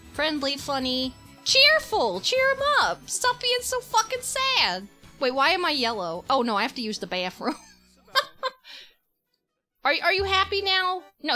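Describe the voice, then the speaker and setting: A woman streamer giving live gameplay commentary, giggling often, swearing and reacting loudly to the game. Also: very high-pitched.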